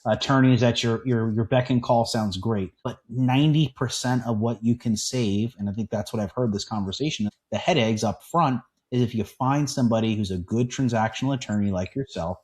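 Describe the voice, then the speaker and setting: Man, podcast host, emphatic, mid-pitched voice, conversational interview. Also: a little fast, hardly any pauses, darkish tone. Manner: emphatic, repeats points for the audience.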